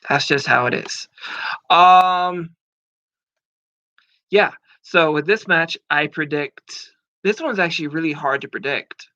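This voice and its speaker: This wrestling commentator, a man in his thirties, rambles casually through his predictions, swearing loosely and leaning on fillers. He speaks slowly on the high side, pausing often, with a sharp tone. It's a dry, muffled lo-fi recording with no room sound.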